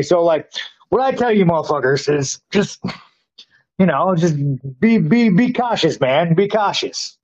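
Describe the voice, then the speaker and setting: A man's voice: high voice, animated, unhurried. A man talking as a guest in a casual chat, blunt and crude, swearing constantly and boasting. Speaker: interview guest, fighter. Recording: dull lo-fi sound.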